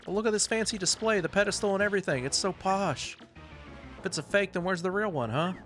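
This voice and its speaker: A man's voice: sits high, fast talker, fairly bright tone, soft background music, voice pushed up. Bowser, a man voicing him. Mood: indignant. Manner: boastful, gruff, easily outraged. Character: blustering male turtle king villain.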